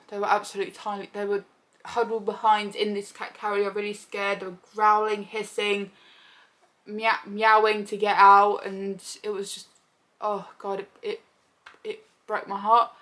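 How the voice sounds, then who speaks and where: A young woman vlogger with a medium-pitched voice tells a personal story at an unhurried pace. Her casual, chatty retelling is animated, and she acts out what people said in quoted voices.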